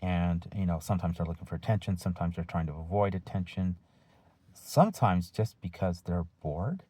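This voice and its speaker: Deep husky guy teacher lecturing his students, slow and firm, rhetorical questions, dry sound. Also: mellow, dry recording. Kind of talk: lecture-style talk to students.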